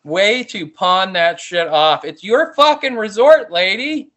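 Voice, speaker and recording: A man's voice: sits high, takes it slowly, fairly bright tone. A man casually recapping a movie with a co-host, laughing often and swearing freely. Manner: laughs often, swears, retells scenes in acted quotes. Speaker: podcast co-host.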